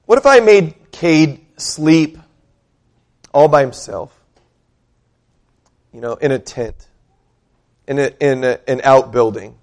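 A man's voice: mid-range voice, animated, slow pace, pauses often, a little mellow. A male pastor preaching a sermon, retelling scripture with conversational, dramatic storytelling and questions for the congregation.

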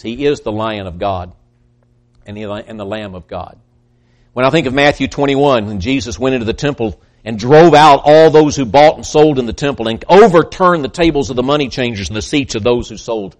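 A man preaching a sermon, swinging between loud emphatic peaks and hushed, soft passages, often repeating words as he builds. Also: medium pitch. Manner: repeats words when excited.

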